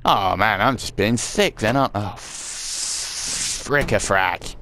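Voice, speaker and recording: Guy doing casual let's play chat, deep voice, bit of gravel, takes the mickey out of himself. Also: lively intonation, moderate pace, fairly bright tone, slight background noise. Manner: self-mocking, chatty, swears casually. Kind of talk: casual gameplay commentary.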